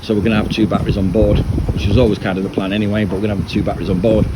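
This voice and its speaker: A man's voice: lowish voice, little pitch movement, very fast. A man gives a casual, rambling walking commentary outdoors at a marina. He often restarts his sentences. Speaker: vlogger and boat owner. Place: outdoors at a marina on a wet, windy day. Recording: loud wind noise on the mic.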